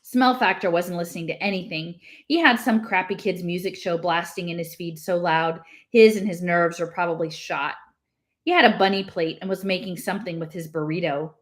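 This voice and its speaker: A woman reading a novel aloud, lifting her pitch and voice for the characters' lines. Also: moderate pace. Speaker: reader.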